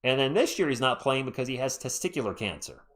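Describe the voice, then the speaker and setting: A man hosting a live fan play-by-play stream, chatty and excitable, reading and answering viewer chat as he calls the game. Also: medium pitch, quick pace. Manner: excitable, voice jumps up when thrilled.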